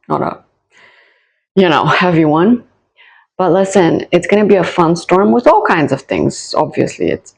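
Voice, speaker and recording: A woman spiritual coach talks gently and directly to her audience, repeating lines as she encourages them. Her voice sits low and carries a strong gravelly fry with a husky, breathy grain. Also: poor audio. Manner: soothing, encouraging, repeats phrases; direct address to viewers. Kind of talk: casual channeled reading to camera.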